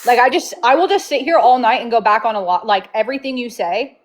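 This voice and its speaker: A woman's voice: fairly high pitch, fast talker. A woman arguing bluntly on a group voice call, talking over the others. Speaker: call participant confronting a streamer.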